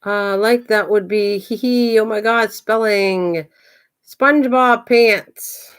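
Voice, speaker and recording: A woman's voice: medium pitch, steady tone, a little slow, clear, resonant tone. An older woman hosting a craft livestream, chatting casually, thinking aloud and greeting viewers by name as she works. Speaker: craft channel host.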